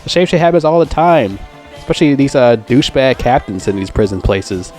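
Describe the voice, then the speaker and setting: A man's voice: mid-range voice, brisk, darkish tone. Man, mid-range voice, casual foul-mouthed film reviewer, rambling delivery, faint music under. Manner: profane, rambling, heavy swearing and fillers.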